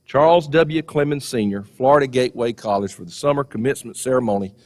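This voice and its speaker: A man of middle pitch introduces the speaker at a college graduation. He jokes genially with the crowd. A long reverb from the big hall trails his words. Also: quick pace, darkish tone. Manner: genial, joking. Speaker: ceremony host introducing the speaker. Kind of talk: ceremony introduction.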